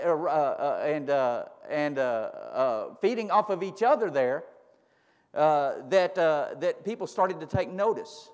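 A man's voice: on the high side, big-room sound. A man preaching a sermon, retelling scripture in a folksy way and building to fervent emphasis.

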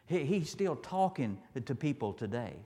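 A man's voice: a little high, very animated, moderate pace, dark tone, long reverb tail. A man preaching a sermon in a folksy, storytelling way, repeating his phrases and asking the listeners "huh?".

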